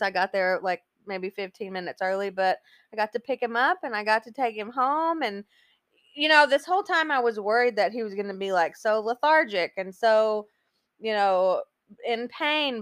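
A woman's voice: fairly high pitch, a bit bright, no room sound. Brief: young woman podcast co-host, chatty storyteller who laughs a lot, dry close-mic sound. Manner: chatty, laughs often, acts out quoted dialogue. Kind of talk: casual storytelling chat.

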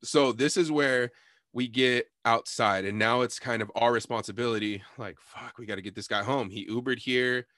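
A man in casual chat, telling a bar story in an animated, profane way, laughing and acting out what people said. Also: medium pitch, normal speed, dry recording, clean studio sound. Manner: animated, profane, laughs often, acts out quotes.

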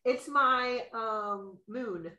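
Bubbly lady chatting about star signs, rambly, gets super excited and squeaky sometimes, laughs a lot. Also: very slow, lo-fi sound. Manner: bubbly, bursts into excited high exclamations. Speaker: podcast co-host. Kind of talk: casual chat about astrology.

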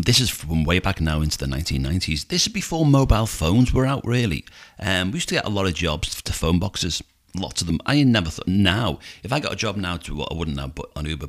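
A middle-aged Liverpool man with a thick Scouse accent and a very deep voice. He tells taxi stories in relaxed podcast chat, throwing himself into the voices of his passengers. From Liverpool, England. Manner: animated storyteller who acts out voices. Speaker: podcast host, taxi driver. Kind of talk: casual storytelling chat.

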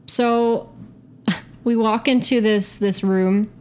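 A young adult woman telling a story in a casual podcast chat, animated, profane and self-mocking. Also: medium pitch, slow pace, smooth. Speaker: guest storyteller.

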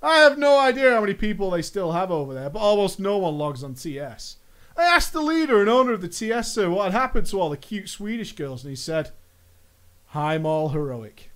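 A man's voice: high voice, sing-song, fairly bright tone. A young American man with an American accent telling a gaming story in a casual, joking monologue with mock-dramatic asides. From United States. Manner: playful, jokey asides, drawn-out mock-dramatic phrases. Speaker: gaming vlogger.

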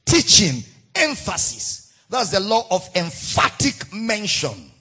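A man's voice: high-pitched, wildly swooping pitch, slow, bright, forceful tone, breathy edge. A male pastor preaching a sermon in a church, emphatic, repeating key words in a sing-song cadence.

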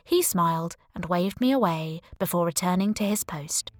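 A woman's voice: fairly low pitch, animated, normal speed, no room sound. A woman narrating a first-person audiobook in a wry, breezy storytelling manner.

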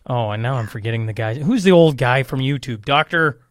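A man's voice: mid-range voice, lively intonation, a little fast, dry recording, studio quality. A man hosting an interview podcast, talking casually and rambling, joking at his own expense and calling listeners folks. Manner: rambling, self-deprecating, addresses listeners as folks. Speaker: podcast host.

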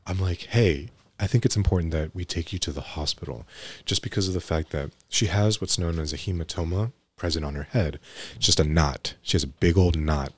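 A man's voice: low-pitched, a little fast, breathy edge. A young man, an EMT guest on a podcast, telling work stories casually, with restarts and frequent "right?" tags.

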